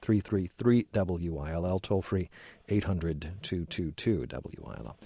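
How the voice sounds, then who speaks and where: A man hosts a radio interview and asks his questions haltingly, often restarting his words. His voice is low and mellow. The studio sound is dry and close. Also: husky, no echo. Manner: halting, stammered restarts when asking questions. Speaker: radio talk show host.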